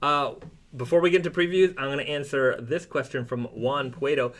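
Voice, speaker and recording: With a mid-range, fairly bright voice and fairly even intonation, a man from Toronto, Canada, talks quite quickly as co-host of a brand's live stream. He goes through viewer comments in a rambling, casual way full of fillers and false starts.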